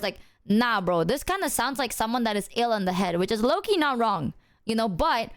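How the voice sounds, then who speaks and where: A woman's voice: on the high side, animated, fairly quick, dry recording, studio quality. Rambling, cursing woman streamer. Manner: rambling, loose and profane, heavy on filler words. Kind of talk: casual chat with viewers.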